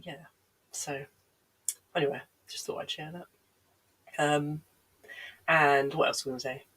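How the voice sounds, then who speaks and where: A woman comedian with a low, fairly even, unhurried voice and a slightly bright tone tells rambling comic stories on a home livestream, full of dry, self-deprecating asides. She sounds a little congested and has a lingering cough, and the recording quality is low.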